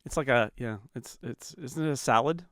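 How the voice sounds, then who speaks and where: A middle-aged American man co-hosts a podcast, telling stories in casual chat with many restarts and fillers. His mid-range voice is fairly bright and moves at a normal speed, recorded in studio quality with no echo.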